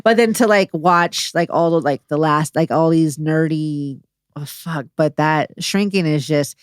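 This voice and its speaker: A woman with a fairly low voice, chatting casually as a podcast co-host. She tells stories in an animated, profane way, slipping into quoted voices. The sound is dry and close. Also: unhurried, clear, resonant tone, no room sound.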